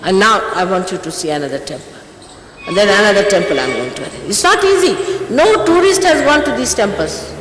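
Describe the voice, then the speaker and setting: A woman in her sixties delivers a stern, reproachful address, her pitch leaping up and down with lively emphasis. Her voice rings through a large hall with a long, echoing reverb. A faint hum of ambience sits under this old archive tape. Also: brisk. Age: 60s. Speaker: spiritual teacher. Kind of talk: scolding address to followers.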